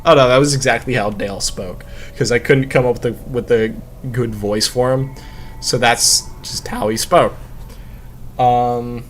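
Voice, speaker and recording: A man's voice: medium pitch, fairly even intonation, unhurried, slight background noise. A man chatting casually while playing a game, rambling and swearing with many fillers into a close desk mic. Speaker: gamer and podcast host.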